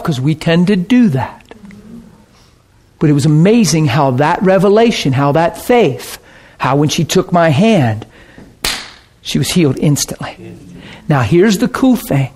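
A middle-aged man preaching a sermon, telling a story and acting out the people in it with big jumps in his voice. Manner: animated, acts out quotes with big pitch jumps.

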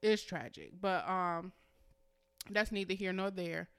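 A woman's voice: lowish voice, unhurried, a bit bright, smooth. A woman in her thirties co-hosting a podcast, chatting candidly and swearing freely, often mocking herself. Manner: candid, profane, self-mocking. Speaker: podcast co-host. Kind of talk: casual chat.

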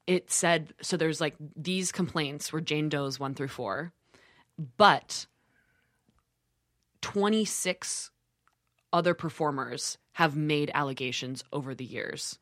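A podcast host in casual chat, recounting a news story with many pauses and fillers. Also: mid-range voice, a bit bright, no echo, clean studio sound.

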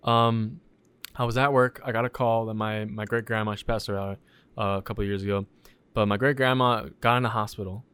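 A man's voice: on the low side, brisk, clean tone, no echo. Young man telling stories, casual. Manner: animated storytelling, swears a lot, acts out quotes. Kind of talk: casual chat.

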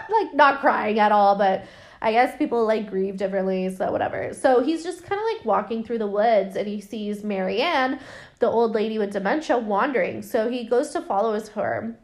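A young woman hosting a podcast, casually recapping a horror film with lots of fillers and the odd swear. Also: fairly high pitch. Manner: chatty, lots of fillers, swears, acts out quotes. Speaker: podcast host.

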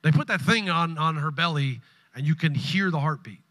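Pastor, 30s, bright forceful tone, preaching with big swings from loud to hushed. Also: male voice, on the high side, moderate pace. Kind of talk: sermon. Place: church sanctuary with congregation.

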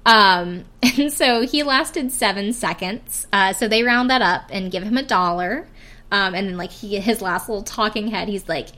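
A woman's voice: medium pitch, moderate pace, bright, forceful tone. A young woman hosting a casual podcast, recapping a reality show in a chatty, giggly way, full of "like" and "um". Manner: chatty, giggly, heavy use of "like" and "um". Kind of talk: casual chat.

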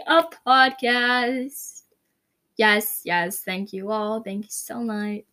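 A woman's voice: a little high, a bit bright. Rambling young woman podcast host. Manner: rambling, self-conscious, giggly. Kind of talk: casual podcast outro.

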